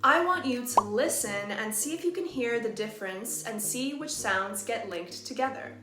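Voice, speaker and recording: A woman teaching English pronunciation in a clear, deliberate way, slowing down to demonstrate phrases. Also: a little high, animated, pushed and bright, echoey room, soft background music. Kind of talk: scripted pronunciation lesson.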